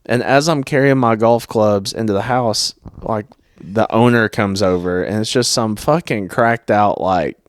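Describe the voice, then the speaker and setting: A young man co-hosting a casual podcast, telling stories in an animated, profane way. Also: fairly low pitch, measured pace. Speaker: podcast co-host. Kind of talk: casual chat.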